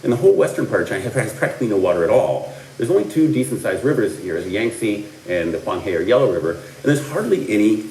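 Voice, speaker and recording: A man's voice: lowish voice, big pitch swings, fast talker, hardly any pauses, a little mellow, slight background noise. A middle-aged man from the American Midwest giving a history lecture, rambling with fillers and restarts and dropping dry asides. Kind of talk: recorded classroom lecture. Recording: roomy, distant lecture-hall recording.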